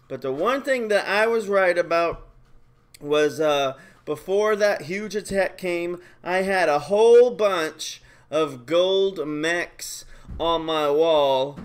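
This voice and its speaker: High-voiced, excitable male stream host. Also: clean tone. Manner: excitable, joking, quick bursts of hype. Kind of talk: casual game commentary.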